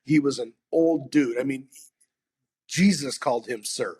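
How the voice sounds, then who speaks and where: Man, sales talk guest, husky, lively storyteller, voices customer back-and-forth. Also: mid-range voice, unhurried. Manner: animated storyteller acting out customer dialogue.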